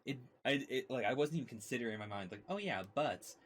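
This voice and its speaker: A man co-hosting a casual reaction chat, easygoing and quick to agree. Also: mid-range voice, a little hiss or hum. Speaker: co-host.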